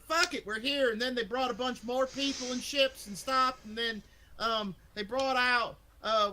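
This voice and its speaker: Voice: sits high, bright, forceful tone. A game master voicing a folksy, drawling spacer man at a remote station who swears freely and uses backwoods slang. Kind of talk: voicing a character in a tabletop game.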